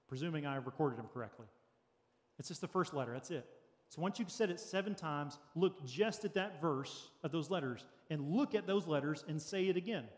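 A man's voice: on the high side, big-room sound. A man preaching a sermon as pastor, earnest and practical, with light jokes for the congregation. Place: church sanctuary.

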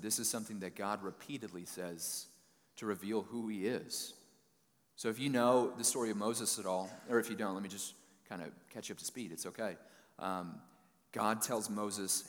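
A man's voice: on the low side, big-room sound. A man preaching a sermon in a conversational, folksy way, retelling scripture in everyday words.

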